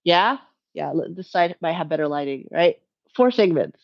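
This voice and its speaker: A woman's voice: on the low side, expressive, normal speed, gravelly, lo-fi sound. A woman hosting a casual live Q&A from home, rambling and correcting herself, laughing often as she talks to her chat. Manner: rambling, self-correcting, chatty with frequent laughs. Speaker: livestream host.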